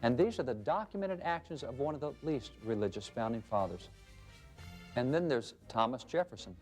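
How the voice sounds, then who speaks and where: Man, emphatic historian, rhetorical questions, mid-pitched voice, soft music behind. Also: animated, moderate pace. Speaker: guest historian. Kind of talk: interview answers, then scripted narration.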